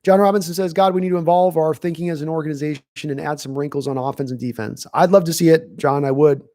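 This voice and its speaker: A man's voice: a little high, fairly even intonation, fast, warm tone, no echo. A man hosting a live sports stream, chatting casually and answering viewers' questions from the chat as he thinks aloud. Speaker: podcast host reading live chat.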